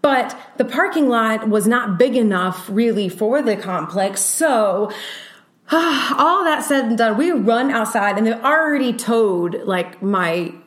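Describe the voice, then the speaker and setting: A woman co-hosting a podcast, telling a personal story in an animated, casual way with lots of fillers. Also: fairly high pitch, takes it slowly, roomy sound. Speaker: podcast co-host.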